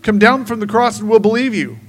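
Brief: man doing a taunting mocker in a crowd, raised high and loud, for a spoken sermon. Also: expressive, a little fast. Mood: mocking. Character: jeering crowd of scornful men.

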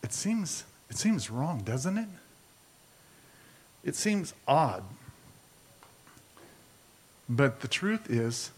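A man preaching a sermon as a pastor, talking conversationally and asking his listeners rhetorical questions. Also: medium pitch.

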